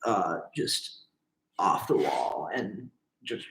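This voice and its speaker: A man's voice: deep voice, sing-song, very slow, a bit bright. Joke-telling young man in an echoey room. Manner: laughs at his own jokes, swears freely. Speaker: interviewer. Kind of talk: casual chat, telling a joke.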